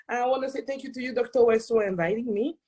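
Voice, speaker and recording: Her voice is fairly high and husky as she gives a personal testimony as an invited speaker. She's in her 40s with a thick Haitian accent, excitable and quick to laugh.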